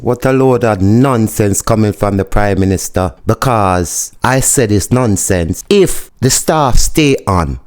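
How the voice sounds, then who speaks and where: A man's voice: fairly low pitch, lively intonation, a little slow, few pauses, a little mellow. A man with a Jamaican accent giving opinionated news commentary, emphatic and scolding. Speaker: commentary host.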